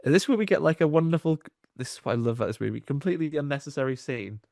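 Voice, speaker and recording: A man's voice: fairly high pitch, lively intonation, rapid-fire, creaky, a little mellow, dry recording, clean studio sound. A man, a podcast host chatting casually and jokily retelling a film plot. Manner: jokey retelling, puts on silly voices. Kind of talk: casual film-review chat.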